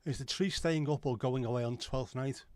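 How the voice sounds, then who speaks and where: At a normal pace and in a mid-range, slightly mellow voice, a male livestream host chats with viewers and reads their comments. He's rambling, jokey, and swears casually, with no room sound in the recording.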